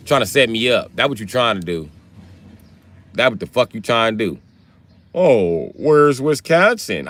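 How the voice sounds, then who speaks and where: A man hosting his own live stream, reading out viewer comments and riffing on them. He talks in a fairly low voice with loose, crude, joking banter that rambles from one bit to the next. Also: a bit bright.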